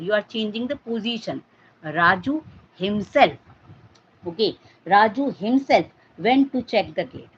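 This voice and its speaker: A woman's voice: mid-range voice, dull audio, slight background noise. Woman teaching grammar in a live class. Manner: explanatory, checks understanding with "Got the point?".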